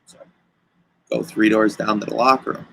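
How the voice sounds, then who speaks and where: A man with a gravelly, fairly low voice tells a story as a podcast guest. He slips into the voices of the people he quotes. The chat is loose and casual. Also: moderate pace, a little hiss or hum, poor audio. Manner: animated, acts out quoted dialogue. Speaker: guest wrestler.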